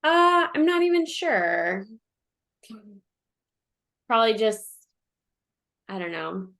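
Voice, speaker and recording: A woman's voice: a little high, very animated, slow pace, fairly bright tone. A woman being coached on a call, hesitant and unsure, trailing off. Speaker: coaching client.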